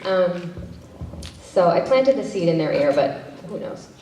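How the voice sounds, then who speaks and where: A woman's voice: lowish voice, lively intonation, a little slow, darkish tone. A woman, an actress and director, answering fan questions at a convention panel in a chatty, self-interrupting way with easy laughs. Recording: echoey hall from far off, faint noise.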